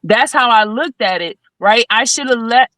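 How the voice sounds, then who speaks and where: A woman in her thirties talking as a podcast guest, animated and preachy, checking in with "right?" again and again. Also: a little high, moderate pace, dry recording, poor audio. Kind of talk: casual podcast discussion. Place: studio.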